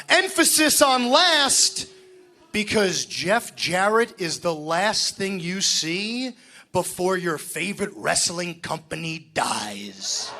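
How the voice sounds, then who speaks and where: Shouting, taunting young man in an arena. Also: extremely high pitch, expressive, takes it slowly, creaky. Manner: taunting, shouting, mocking insults. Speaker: pro wrestler cutting a promo. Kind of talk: arena wrestling promo. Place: large indoor arena.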